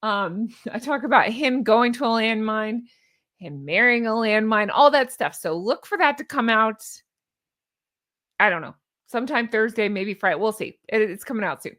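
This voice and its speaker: A woman's voice: a little high, lively intonation, moderate pace, fairly bright tone. A woman vlogger giving casual, sarcastic opinion commentary, rambling with asides and restarts. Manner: chatty, sarcastic, scoffing asides.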